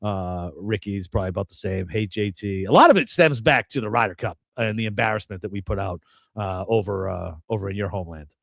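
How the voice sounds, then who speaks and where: A man co-hosting a casual golf betting podcast, ranting with lively, profane emphasis. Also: on the low side, brisk, vocal fry, dry recording. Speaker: podcast co-host. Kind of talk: casual sports betting chat.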